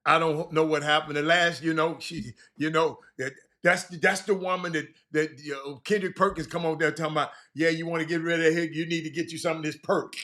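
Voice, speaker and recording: A man's voice: fairly high pitch, steady tone, brisk, hardly any pauses, pushed and bright. A man hosting a casual livestream, talking to viewers in a loose, stop-start way with lots of repeats and slang. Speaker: livestream host. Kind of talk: casual rambling chat to viewers.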